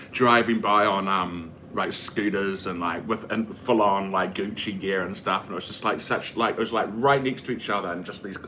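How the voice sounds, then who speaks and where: A man's voice: low-pitched, normal speed, pushed and bright, a little hiss or hum. A man with a New Zealand accent chatting casually and rambling with lots of fillers while he cooks for his vlog. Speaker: vlogger. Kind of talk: casual chat while cooking.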